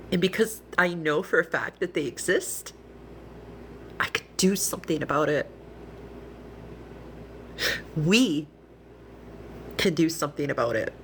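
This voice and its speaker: A woman's voice: lowish voice, animated, unhurried, long pauses, fairly bright tone, a little hiss or hum. A woman speaking earnestly and emotionally on a live stream from her phone, rambling with restarts and close to tears. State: tearful, emotional. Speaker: livestreamer.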